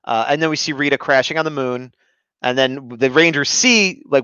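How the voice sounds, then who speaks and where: A man's voice: medium pitch, normal speed, sharp tone, smooth, no echo. A man co-hosting a casual review chat, easygoing and laughing often. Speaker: podcast co-host. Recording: slightly muffled lo-fi mic.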